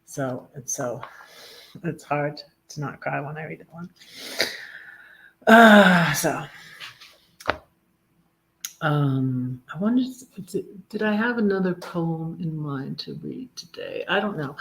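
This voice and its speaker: A woman hosting a casual live stream, chatting with many ums and restarts and reading her own poems in a soft, tender way. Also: low voice, lively intonation, slow pace, pauses often. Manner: rambling, lots of ums and restarts. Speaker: livestream host reading poetry and devotions.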